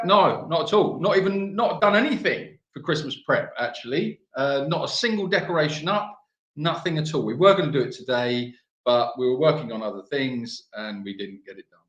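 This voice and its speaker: A man's voice: medium pitch, animated, normal speed, fairly bright tone, roomy sound, lo-fi sound. A man hosting a live stream Q&A, reading out viewer comments in a chatty, teasing way with lots of ums. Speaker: animal sanctuary host.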